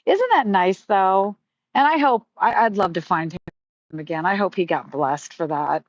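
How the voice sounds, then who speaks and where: A woman's voice: medium pitch, lively intonation, a little slow, a little hiss or hum. A middle-aged woman telling stories in a casual live stream, chatty and heartfelt with many fillers. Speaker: livestream host. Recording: dry, slightly muffled stream audio.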